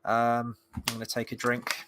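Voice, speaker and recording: A man's voice: medium pitch, completely flat delivery, normal speed, noisy background. A man giving a casual spoken review of a TV episode, rambling and sarcastic, with frequent fillers and restarts. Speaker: film and TV reviewer.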